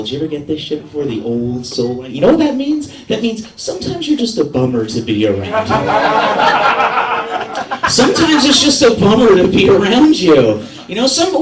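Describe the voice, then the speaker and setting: A man's voice: high-pitched, wildly swooping pitch, normal speed, noisy background. A young man performing a stand-up set, rambling in an agitated, self-mocking way. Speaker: stand-up comedian. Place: veterans hall at an open mic night. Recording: roomy hall recording from a distance with audience.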